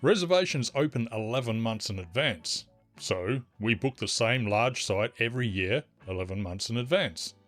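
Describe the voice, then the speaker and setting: A man's voice: medium pitch, animated, normal speed, fairly bright tone. Wry man narrating a story. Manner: wry, teasing asides. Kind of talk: scripted narration of an online forum story. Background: faint music.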